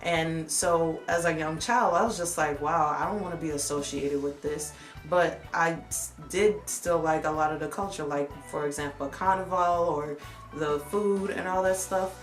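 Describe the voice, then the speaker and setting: Candid young woman vlogger, low voice. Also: normal speed, reverberant, soft background music. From United States. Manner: candid, reflective, animated when retelling. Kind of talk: personal story time.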